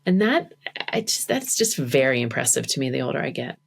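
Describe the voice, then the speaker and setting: A woman's voice: very deep voice, very animated, brisk, vocal fry, breathy edge. A woman talking as a podcast guest in casual conversation, chatty and full of "like" fillers.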